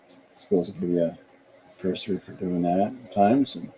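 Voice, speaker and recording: A middle-aged Canadian man, a podcast host and author, chats casually and thinks aloud, often restarting his sentences. His voice sits low and warm at a moderate pace, and the rough recording has a little hiss or hum.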